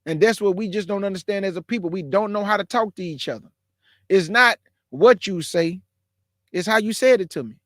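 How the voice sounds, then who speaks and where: High-pitched and a bit bright, this man talks fairly quickly on a clean studio recording with no echo. He's in his forties, a caller to an online religious discussion, preaching emphatically yet casually and using bro and y'all.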